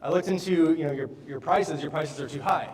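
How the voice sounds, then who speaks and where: A man's voice: on the high side, brisk, a little mellow, far from the mic, lightly acted. A man doing a grumbling homeowner. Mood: skeptical. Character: skeptical male homeowner, grumbling. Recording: echoey hall, heard from afar.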